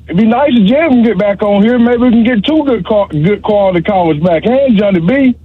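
High-pitched husky man teasing on phone. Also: lively intonation, a little fast, no echo. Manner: joking, teasing trash talk. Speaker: caller. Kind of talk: call-in radio banter. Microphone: phone line. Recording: dull phone line.

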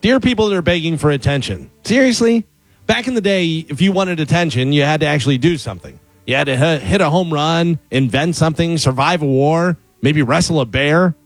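A man's voice: fairly high pitch, a little fast, dry recording, faint music behind, poor audio. A man delivering a scripted comedic rant as an open letter, sarcastic and mocking. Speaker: segment contributor reading an open letter.

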